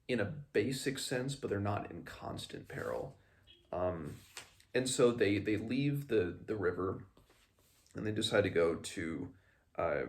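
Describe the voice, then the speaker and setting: A man hosting a casual book discussion podcast, rambling through a chapter with fillers and self-corrections. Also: mid-range voice. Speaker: podcast host.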